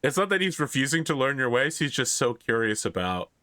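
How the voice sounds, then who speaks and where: Guy game master narrating, playful, bright dry voice. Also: medium pitch, very animated, a little fast, no room sound.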